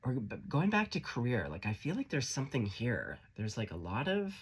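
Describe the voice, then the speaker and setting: A man's voice: medium pitch, huge pitch swings, moderate pace, hardly any pauses, slightly rough. A man giving a casual tarot reading, chatty and encouraging, swearing freely. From Canada. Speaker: tarot reader.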